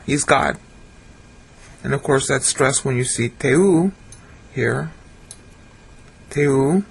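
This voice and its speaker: A man giving a screen-share Bible lesson, sounding out Hebrew and Greek words slowly and correcting himself as he goes. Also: medium pitch, creaky, husky. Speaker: Bible teacher.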